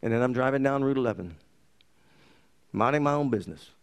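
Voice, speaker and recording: A middle-aged male pastor preaching a sermon, telling his own story with lively energy and quoting scripture. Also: mid-range voice, brisk, smooth.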